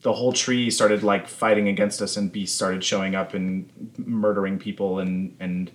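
A man's voice: sits low, little pitch movement, normal speed, close to an everyday voice. A man voicing a furious, stressed female elf cavalry soldier who curses bluntly, in a tabletop game. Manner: heated, cursing, blunt.

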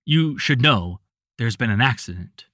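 A man's voice: medium pitch, lively intonation, unhurried, fairly bright tone, dry recording, studio quality. A man voicing a formal, courteous male police officer in a storybook reading. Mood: somber.

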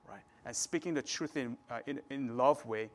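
A man's voice: medium pitch, moderate pace. A man preaching a sermon in a conversational way, often checking in with the listeners. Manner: conversational preaching, frequent "right?" tags.

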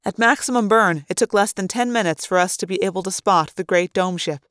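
A woman reading a science fiction novel aloud in steady, clear narration. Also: medium pitch, brisk, dry recording, clean studio sound. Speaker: audiobook reader.

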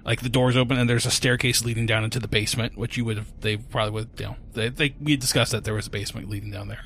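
A man's voice: mid-range voice, fairly even intonation, very fast, fairly bright tone, slight background noise. A man running a tabletop horror game as game master, describing scenes casually with sound effects.

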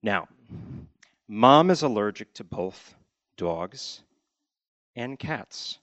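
Guy from connecticut telling a funny kid story live, wry deadpan, lowish voice, dry dull sound. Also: extremely slow, dry recording. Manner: wry, deadpan delivery with acted-out quotes.

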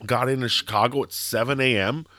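A man's voice: mid-range voice, fairly even intonation, a little fast, pushed and bright, no echo, studio quality. A man co-hosting a podcast, chatting casually and telling rambling stories with lots of fillers and swearing. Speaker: podcast co-host. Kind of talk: casual chat.

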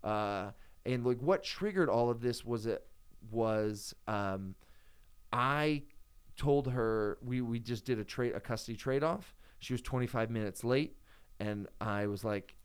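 A man's voice: mid-range voice, clean tone. Rambling man venting in casual chat. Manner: rambling, halting, lots of fillers and restarts.

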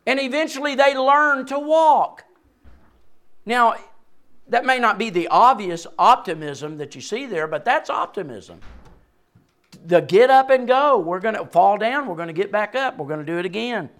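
A man in his sixties preaching a sermon, swinging between loud peaks and quiet drops and chuckling between points. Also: high voice, moderate pace. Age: 60s. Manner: animated preaching with sudden rises and drops. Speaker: pastor.

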